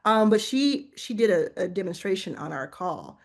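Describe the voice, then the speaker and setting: A woman hosting a casual chat, talking in an animated way, full of restarts and "like". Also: medium pitch, normal speed. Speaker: host.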